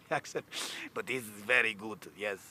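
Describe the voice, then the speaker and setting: A man giving jokey, excitable live commentary from a boat on a lake. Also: fairly low pitch, normal speed. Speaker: sports commentator.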